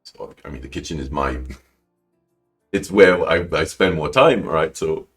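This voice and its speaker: A man telling an emotional personal story as a podcast guest, animated and rambling, with frequent restarts. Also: unhurried, soft background music. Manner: animated, acts out quoted lines with big pitch jumps. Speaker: guest calligrapher.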